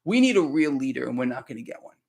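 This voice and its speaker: A man's voice: mid-range voice, sing-song, quick pace, gravelly, a little mellow, husky. A man hosting live financial commentary, ranting bluntly at his viewers and calling them "people," with lots of repeated words and restarts. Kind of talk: live solo market commentary.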